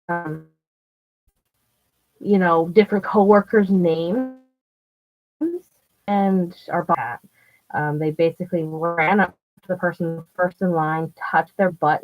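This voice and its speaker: Rambling woman telling work stories. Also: mid-range voice. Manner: rambling, full of "like" and restarts, swears freely. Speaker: vlogger. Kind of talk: casual storytelling. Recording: dull lo-fi recording with faint music.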